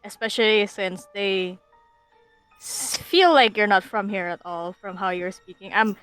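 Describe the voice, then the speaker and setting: A woman narrating a tabletop game as game master, lively and quick to laugh. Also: medium pitch, clear, resonant tone, no echo, faint music behind. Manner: lively, laughs often, thinks aloud.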